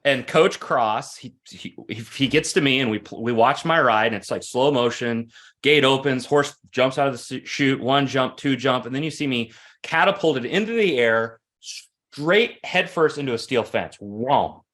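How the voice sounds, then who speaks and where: A man in his forties speaking earnestly as a guest on an interview. He tells stories with animation, his pitch sitting in the middle range. He often restarts and repeats phrases as he works through a point. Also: normal speed, fairly bright tone. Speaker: guest, coach. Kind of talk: conversational interview storytelling.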